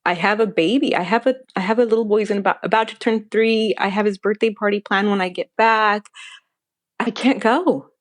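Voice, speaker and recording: A young adult woman telling a personal story as a podcast guest, animated and acting out quoted dialogue. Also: medium pitch, brisk.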